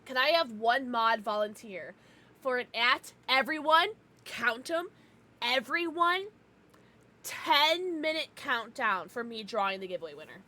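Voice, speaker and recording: A young woman streaming from home with a high, bright voice that bounces all over. She chats loudly with viewers, giggly and profane, and sounds stuffed up from crying. She talks into a desk mic. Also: expressive, a little slow. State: congested from crying. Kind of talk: casual livestream chat.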